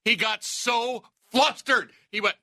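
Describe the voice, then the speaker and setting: A man co-hosting a radio show, telling a story in quick, expressive casual chat. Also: very high-pitched, no room sound, studio quality.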